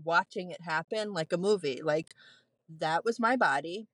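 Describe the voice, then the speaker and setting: A woman in her thirties, a postpartum nurse, telling a candid personal story as a podcast guest, animated and laughing often. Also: on the low side, normal speed, no room sound.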